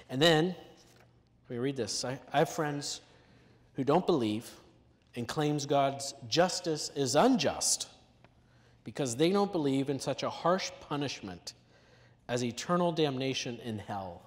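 A man's voice: medium pitch, expressive, a little slow. A man moderating a conference panel, talking in a jokey, teasing, conversational way. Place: large conference hall. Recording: echoey hall, faint noise.

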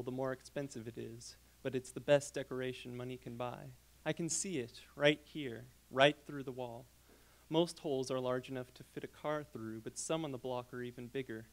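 A young adult man reading his short story aloud at a graduate reading, delivered as a persuasive second-person sales pitch. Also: poor audio.

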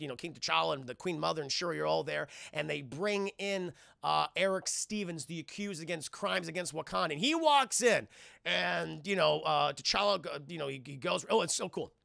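Young male streamer, casual and rambling, gravelly bright voice, close dry mic. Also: fairly high pitch, a little fast, no room sound. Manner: animated, rambling, swears, acts out quotes. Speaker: streamer reviewing a film. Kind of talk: casual livestream chat.

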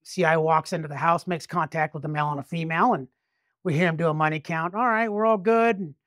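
A man's voice: a little high, fast, fairly bright tone, no room sound, clean studio sound. A man detective telling a story casually, rambling, restarting often and swearing freely. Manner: rambling, with frequent restarts and profanity.

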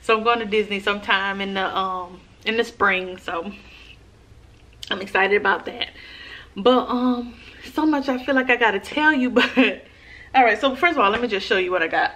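In a dim room at home, a woman sits on the floor and chats to camera for her vlog, slangy and animated. Her voice is mid-range, and there's slight background noise.

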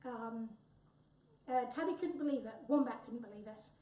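A woman reads a children's storybook aloud, lively and expressive. Her voice is somewhat high. She sounds distant, in a roomy, echoing space. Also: moderate pace. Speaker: reader. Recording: echoey room, voice from far off.

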